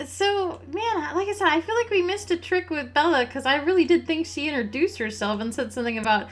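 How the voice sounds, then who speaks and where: A woman's voice: sits high, fairly quick. A woman hosting a let's play, giving casual, musing gameplay commentary and laughing often.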